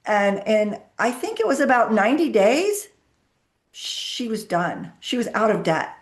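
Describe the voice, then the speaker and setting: A woman's voice: on the high side, very animated, measured pace. A middle-aged woman, a guest on a business podcast, answering questions with candid personal stories and acting out what people said. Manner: candid storytelling, acts out her own quoted dialogue. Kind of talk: conversational interview answers.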